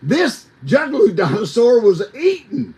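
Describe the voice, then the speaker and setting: A man, a former wrestler telling lively, folksy stories as a podcast guest, talking straight to his listeners. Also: extremely high pitch, unhurried, poor audio. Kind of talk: animated storytelling on a podcast.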